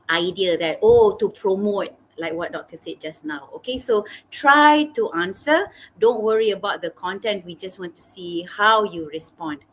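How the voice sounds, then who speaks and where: A woman teacher, encouraging and reassuring students about a speaking exam in an animated way. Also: fairly low pitch, slight background noise, low-quality recording. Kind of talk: exam advice in an online lesson.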